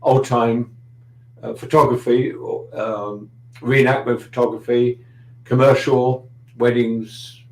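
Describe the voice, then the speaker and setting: Hesitating often, the middle-aged guest photographer from London, England, trades dry, anecdotal humor in a casual interview chat, his British London accent clear. He speaks slowly and flatly in a mid-range voice, captured on a low-quality, reverberant recording.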